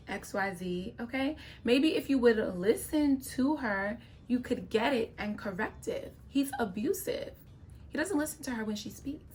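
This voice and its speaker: A woman's voice: on the high side, fairly bright tone, slight background noise. Opinionated woman giving casual commentary. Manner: opinionated, talks straight to viewers, frequent "okay?" asides. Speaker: reaction video host.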